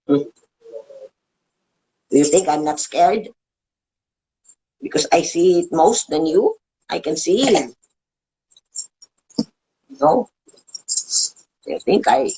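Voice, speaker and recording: A woman hosting her own show, delivering an agitated, swearing political rant with emotional pitch swings and halting restarts. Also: darkish tone, rough recording. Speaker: show host. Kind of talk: ranting political monologue.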